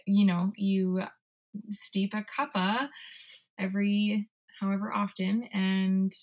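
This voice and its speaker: A woman's voice: mid-range voice, steady tone, slow pace, darkish tone. A young adult woman co-hosting a podcast in casual chat, rambling and giggly as she talks. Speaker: podcast co-host.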